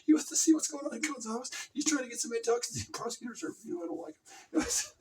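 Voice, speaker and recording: A man's voice: extremely high pitch, very fast, a little mellow, far from the mic, a little hiss or hum. A man telling a rambling comedic story and laughing often.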